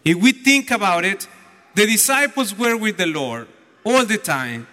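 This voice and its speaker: Slow bright-voiced deacon preaching. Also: male voice, sits high, lively intonation. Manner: storytelling, acting out voices. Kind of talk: homily. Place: church. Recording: echoey church hall.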